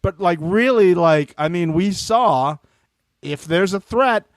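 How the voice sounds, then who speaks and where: A man's voice: high voice, expressive, takes it slowly, dry recording, clean studio sound. A man co-hosting a podcast, chatting casually and mockingly acting out the cast. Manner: mocking, acts out the cast in put-on voices. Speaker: podcast co-host. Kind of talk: casual chat recapping a reality show.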